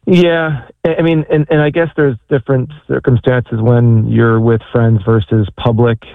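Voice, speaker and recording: A man's voice: mid-range voice, flat delivery, normal speed, vocal fry, no echo. A man calling in with a question, speaking hesitantly and searching for words. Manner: hesitant, many fillers and restarts. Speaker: caller. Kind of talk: call-in question. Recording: tinny phone line.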